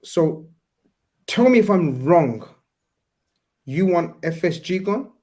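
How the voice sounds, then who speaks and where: A man hosting a call-in show, polite and measured, speaking with formal courtesy to a caller. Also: high voice, sing-song, darkish tone. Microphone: video call.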